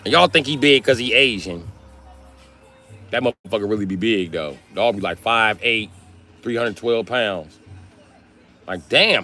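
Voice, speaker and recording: A male comedian riffs through a profane story with lively, swooping pitch and a bright, forceful tone. Faint music plays behind him. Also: measured pace, pauses often. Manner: animated, profane, riffing. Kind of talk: profane comic storytelling on a live stream.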